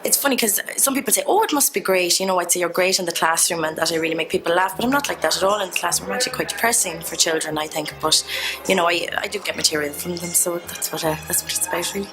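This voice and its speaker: A woman's voice: lowish voice, very fast, music in the background. A woman chatting in an interview in a self-deprecating way, trailing off at the ends of her thoughts. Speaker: comedian interviewee. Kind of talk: casual interview chat.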